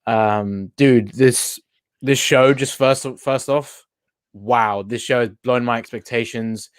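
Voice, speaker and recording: A man hosting a relaxed online chat, talking at an ordinary middle pitch. He sounds upbeat and conversational and laughs easily. The sound is dry and close, with no room echo. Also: slow, clean tone. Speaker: host. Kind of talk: casual video-call interview.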